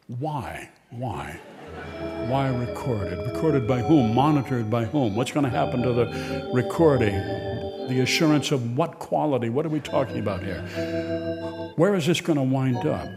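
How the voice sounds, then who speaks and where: Wry man pitching a mock commercial. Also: animated, in a large hall, loud music behind the voice. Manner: wry, rapid-fire rhetorical questions. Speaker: radio show host reading a mock ad.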